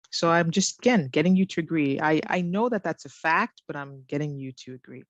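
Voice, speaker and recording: A woman teaching an online English lesson who reads example sentences slowly and with exaggerated rising and falling intonation. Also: lowish voice, dry recording, dull audio.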